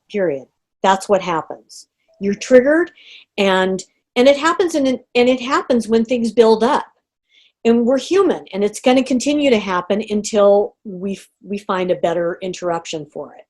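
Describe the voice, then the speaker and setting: A middle-aged woman leading an online group coaching call, talking in an animated way and acting out inner reactions. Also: medium pitch. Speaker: coach running a group session. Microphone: video call.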